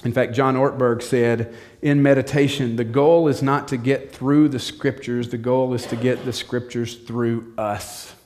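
A man's voice: medium pitch, level tone, a little slow, a little mellow. A male pastor preaching a sermon in a direct, practical way, repeating short commands.

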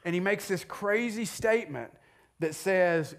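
Guy preaching a sermon, chatty, tosses questions at the crowd, voice on the high side. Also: moderate pace, a bit bright. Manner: conversational, jokes with the congregation and asks them questions. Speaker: pastor.

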